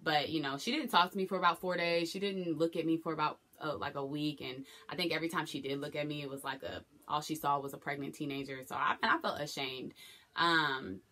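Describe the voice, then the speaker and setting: A woman's voice: sits low, a little fast, sharp tone. A young woman telling a personal story to the camera, candid and emotional, acting out what people said. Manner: candid, emotional retelling with acted quotes. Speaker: vlogger.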